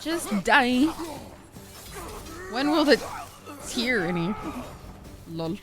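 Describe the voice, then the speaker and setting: A woman streamer talking over a game, her voice a bit high and swinging widely in pitch as she reacts. She jokes crudely and chats casually, with game music running behind her. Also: sing-song, extremely slow. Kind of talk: live gameplay commentary. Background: game music and sound.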